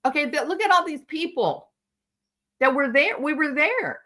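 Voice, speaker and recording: A woman's voice: high-pitched, lively intonation, normal speed, pushed and bright. A woman hosting a commentary stream, talking outraged and sarcastic and speaking straight to the person she criticizes. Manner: outraged, sarcastic, addresses her subject directly. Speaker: commentary channel host. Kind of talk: indignant commentary monologue.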